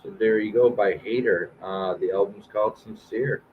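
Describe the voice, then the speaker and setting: A man in his fifties with a fairly low voice hosts a live-stream show at normal speed, heard through narrow, tinny audio with slight background noise. He reads new album reviews aloud, stumbling through them with plenty of "uh" and "um" and frequent restarts.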